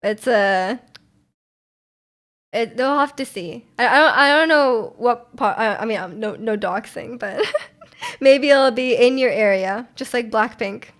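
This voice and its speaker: Streaming from home into a desk mic, a young woman chats casually in a slightly high, somewhat bright voice at an unhurried pace. She rambles, restarts sentences, and laughs a lot as she answers chat.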